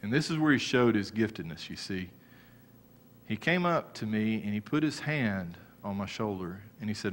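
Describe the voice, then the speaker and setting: A middle-aged man preaching a sermon as pastor, telling a story with sudden loud rises and soft, low passages. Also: animated, moderate pace.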